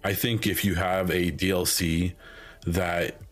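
A man with a very low voice talks through a solo podcast in loose, rambling chat, full of fillers and restarts. His voice is wearing thin as though he is losing it. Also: little pitch movement, slow pace. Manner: rambling, many ums and restarts. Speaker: podcast host. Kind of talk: casual solo podcast talk.

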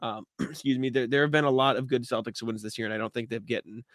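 A man co-hosting a sports podcast, talking fast in casual chat, often repeating words and clearing his throat. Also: medium pitch, a bit bright, dry recording, studio quality.

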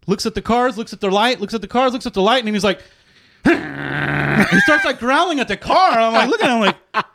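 A man in casual conversation, telling animated, profane stories full of "like" and quick laughs. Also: extremely high pitch, heavy background noise. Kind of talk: casual chat.

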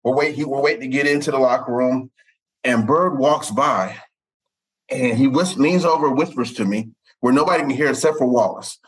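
A man in his forties, a sportswriter, telling stories in an animated way and tripping over repeated words. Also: a little fast, husky, rough recording. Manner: animated, repeats words, jumps up in pitch for quoted voices. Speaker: sportswriter guest. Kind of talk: storytelling in conversation.

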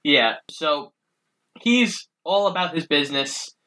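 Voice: medium pitch, animated, slow pace, pushed and bright, low-quality recording. A co-host of a casual film review podcast, steadily recapping the plot with easy asides. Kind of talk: casual chat.

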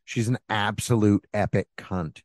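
A man's voice: fairly low pitch, a little slow, dry recording. A man in casual podcast chat, rambling and crude, often mimicking people in silly voices.

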